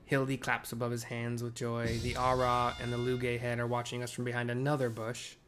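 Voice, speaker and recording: A man casually narrating game cutscenes out loud as he plays, chatty, with fillers and self-corrections. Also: mid-range voice, completely flat delivery, brisk. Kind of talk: casual live audio description of game cutscenes.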